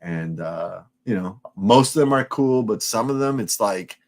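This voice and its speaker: Man, fairly low voice, casual live-stream chat, cursing, rambling. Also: expressive, a little slow, a little mellow. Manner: loose, profane, rambling with restarts.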